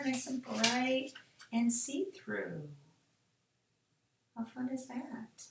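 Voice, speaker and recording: A woman's voice: a little high, slow, creaky, long pauses, sharp tone, a little hiss or hum. A middle-aged woman, casually demonstrating card making and chatting to herself as she works. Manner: chatty, talks to herself while working. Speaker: card-making tutorial host. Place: craft room. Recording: echoey room, mic at a distance.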